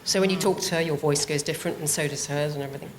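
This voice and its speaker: A woman's voice: low-pitched, fairly even intonation, racing, slight background noise. A woman playwright appearing as a guest on a live podcast, explaining her ideas thoughtfully. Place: live theatre stage.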